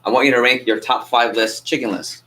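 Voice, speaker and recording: A man coaching a sales training class, energetic and quizzing the group with questions. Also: medium pitch, fairly quick, a little hiss or hum, poor audio. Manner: energetic, asks the group questions and acts out phone calls.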